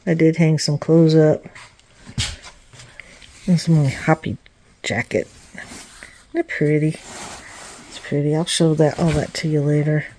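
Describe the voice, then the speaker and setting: A vlogger gives a casual tour of her small new home, wandering through the bedroom and bathroom while rambling with fillers and small laughs. Her voice is low-pitched, mellow, and steady, a little slow with frequent pauses. There's a faint hiss or hum in the recording.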